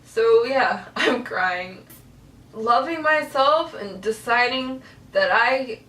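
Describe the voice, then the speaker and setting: Young woman vlogging her story: heartfelt and emotional, middle pitch, echoey room. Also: fairly bright tone, far from the mic, a little hiss or hum. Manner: earnest, emotional, tearful at times. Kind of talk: personal story to camera. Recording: echoey room, voice a bit off-mic.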